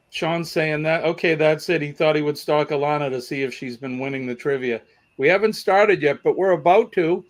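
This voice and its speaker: A man with a Boston accent hosting a casual trivia livestream, chatting and reading out viewer comments. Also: a little high. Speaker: trivia show host.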